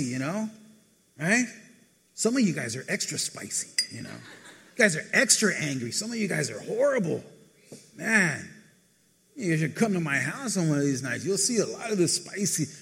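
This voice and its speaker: A man preaching a casual sermon, talking conversationally to the congregation and acting out people's lines in quick asides. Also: sits high, gravelly, a bit bright, breathy edge. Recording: reverberant hall.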